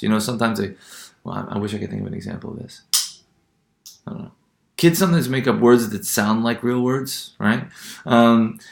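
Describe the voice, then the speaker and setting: A man's voice: lowish voice, gravelly, reverberant. A man teaching pronunciation in a recorded lecture, hesitant, with many fillers and restarts, often checking in with "right?".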